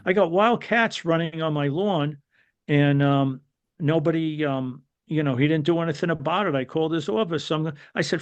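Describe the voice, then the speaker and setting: A man's voice: fairly high pitch, moderate pace, muffled recording. An older man from New York telling stories casually as a podcast guest, with lots of fillers and restarts. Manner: rambling, many fillers and restarts, animated quotes. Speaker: guest, former wrestling referee. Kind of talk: casual storytelling.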